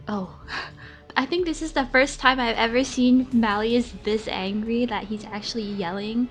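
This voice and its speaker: A chatty woman with a fairly high voice laughs her way through a game playthrough and pokes fun at her own slips. She talks slowly and easily, and game music plays clearly under her. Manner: chatty, giggly, self-deprecating. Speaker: video game streamer.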